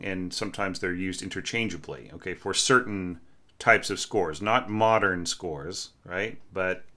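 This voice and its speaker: A man with a somewhat low voice and a bright, forward tone gives a relaxed orchestration lesson. He talks casually over a score, sings snippets of the music, and keeps asking his listeners "right?". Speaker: orchestration teacher.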